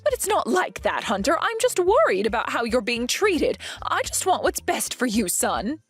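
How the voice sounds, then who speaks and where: Brief: woman plays a possessive older mom, shrill, self-righteous, breathy tone. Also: sing-song, normal speed, soft background music, exaggerated voice. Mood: pleading. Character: domineering older mother-in-law, accusing and possessive. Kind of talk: animated story voice acting.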